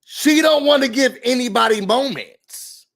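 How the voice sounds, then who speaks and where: A man hosting a reality TV recap, ranting casually in an animated, sassy way and cursing freely. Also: very high voice, a little slow.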